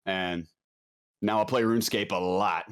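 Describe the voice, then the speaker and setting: A man's voice: sits low, fairly even intonation, measured pace. A man speaking as a podcast guest, telling his story in a candid, blunt, casual way and often tossing in "man". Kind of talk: casual conversation.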